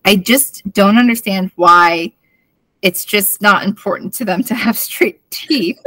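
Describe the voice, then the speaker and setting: Giggling as she reads old teen notes aloud, a woman in her thirties co-hosts a podcast in casual chat, bubbly and laughing between lines. Her medium-pitched voice has a sharp tone and an unhurried pace, with no room sound.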